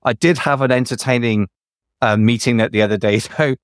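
A man's voice: mid-range voice, clean tone, no room sound. Male host, thoughtful chatty delivery, dry close recording. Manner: quick, reflective, chuckles while talking. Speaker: podcast host. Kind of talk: casual podcast conversation.

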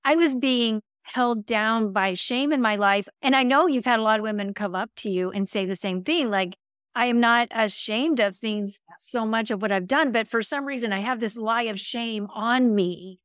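A woman in her sixties hosting a faith podcast, effusive and openly emotional. Her voice is a little high, smooth and resonant. It is recorded close and dry. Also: normal speed, a bit bright, no echo. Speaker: podcast host.

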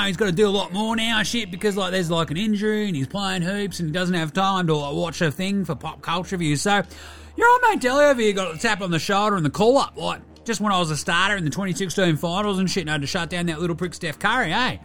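Brief: a man playing a young bogan Aussie hoops player, broad accent, sweary rambling, pitched up high. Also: animated, quick pace, vocal fry, fairly bright tone, faint music behind, heavily acted. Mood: cheeky rambling. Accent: broad Australian. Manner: rambling, swearing, slangy, cheeky. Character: crude laid-back young male Aussie basketballer.

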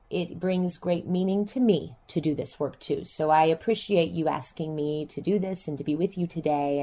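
A woman speaking as a counselor guest in an interview, talking reflectively and acting out her clients' voices. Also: low-pitched. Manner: animated, acts out clients' voices.

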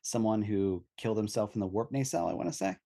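A man chatting as a podcast co-host, lively and talkative. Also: lowish voice, fast, gravelly. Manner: animated, chatty. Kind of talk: casual chat.

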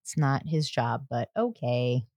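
A woman co-hosting a podcast with playful, quick asides and frequent laughter. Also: rumbling low, lively intonation, darkish tone, no room sound, clean studio sound. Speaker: podcast co-host. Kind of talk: casual chat.

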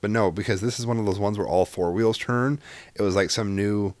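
Casual dad co-host, low-pitched, dry close sound, rambles and cusses. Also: male voice, fairly quick, darkish tone, dry recording. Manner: rambling storyteller, swears freely, restarts a lot. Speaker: father. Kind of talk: casual chat.

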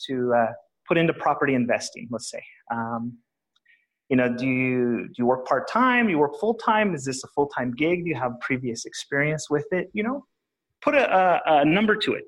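A man's voice: mid-range voice, a bit bright, poor audio. A man who is a guest on a podcast and talks about property investing, in a rambling, casual way full of restarts and "uh"s. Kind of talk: casual interview answers.

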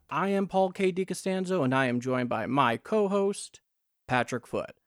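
A man hosting a history podcast, speaking in an earnest, measured way with frequent fillers. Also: on the high side, expressive, clean tone, faint music behind. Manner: earnest, measured, many "you know" fillers. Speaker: podcast host. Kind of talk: podcast hosting, scripted intro then chat. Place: New York City.

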